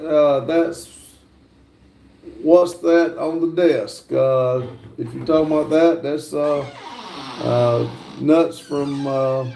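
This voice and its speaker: A middle-aged man with an American accent hosting a livestream, casually reading out viewer comments and answering them, often pausing with "uh". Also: on the high side, warm tone, a little hiss or hum. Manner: halting, fills pauses with frequent "uh". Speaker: livestream host. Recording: roomy echo.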